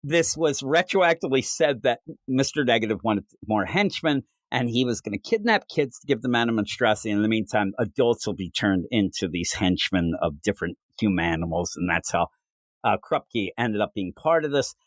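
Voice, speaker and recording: Lively man recapping comics. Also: on the low side, normal speed, dry recording. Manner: animated recapping, jumping into character voices. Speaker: podcast co-host. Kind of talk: casual comic book review chat.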